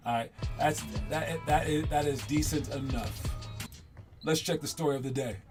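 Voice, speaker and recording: Man, chatty rambling coach, slightly high voice, loud music underneath. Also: normal speed. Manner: chatty, rambling, jokey, breaks into song. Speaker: basketball coach teaching kids. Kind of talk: casual motivational classroom talk. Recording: music playing loudly underneath.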